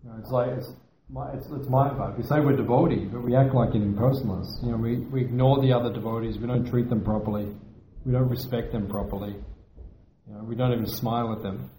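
A man's voice: medium pitch, fairly even intonation, fast talker, mellow, slight background noise. A man teaching at a temple, giving a devotional lecture in an earnest, self-deprecating way and repeating his points for emphasis. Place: temple hall. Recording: echoey hall.

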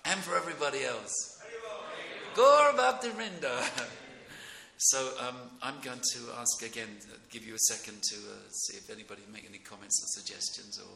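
A middle-aged man giving an informal devotional class in a temple room, rambling and excitable, often breaking into chuckles. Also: lowish voice, fairly quick, creaky, a crowd in the background. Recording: echoey room with faint noise.

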